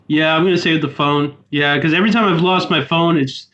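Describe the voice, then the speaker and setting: A man joining a casual chat as a guest, easygoing and quick to laugh. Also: fairly high pitch, fairly even intonation, fairly bright tone. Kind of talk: casual chat on a video call. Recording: dull lo-fi call audio.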